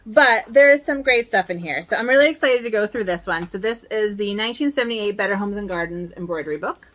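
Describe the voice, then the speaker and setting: There's a little hiss or hum behind this fast, fairly bright mid-range voice. A woman in her forties, she's a cross-stitch vlogger showing her stitching books at home, chatting upbeat and rambling a little with fillers.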